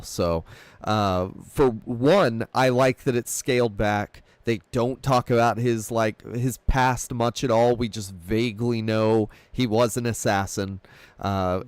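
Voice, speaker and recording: A man's voice: on the low side, smooth, dry recording. A man in casual film talk, rambling through plot retellings and laughing often. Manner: rambling, laughs often, retells scenes in quick quoted voices. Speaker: film podcast host.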